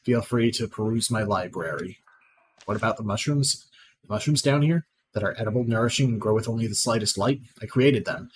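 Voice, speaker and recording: A man reading out the lines of a proud, scornful female sorceress in a video game, plainly and with small slips, over clear background noise. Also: on the low side, fairly quick, close to an everyday voice, rough recording.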